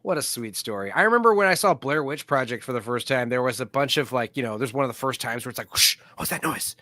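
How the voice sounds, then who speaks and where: A man hosting a casual podcast chat, telling stories with loud acted-out quotes and lots of swearing. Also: mid-range voice, fast, no echo, studio quality. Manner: animated storyteller, acts out quotes loudly, swears freely. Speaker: podcast host.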